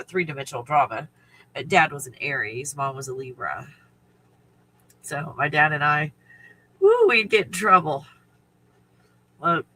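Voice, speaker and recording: A man's voice: fairly high pitch, pushed and bright, poor audio. A man hosting a casual live stream, rambling through stories, laughing often, swearing freely and greeting viewers by name.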